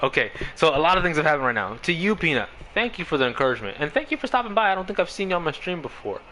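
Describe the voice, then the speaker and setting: A male streamer chats casually with his viewers in a bright, forward voice. He rambles, leans on fillers such as "like" and "you know", and laughs often. Faint background noise sits under his speech. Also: fairly high pitch, big pitch swings, racing, rough recording. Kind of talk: casual chat on a game stream.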